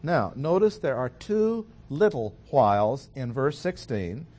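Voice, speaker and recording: A man teaches through a Bible passage in a steady lecture voice at an ordinary middle pitch. He explains step by step and slows down to stress the words that matter most.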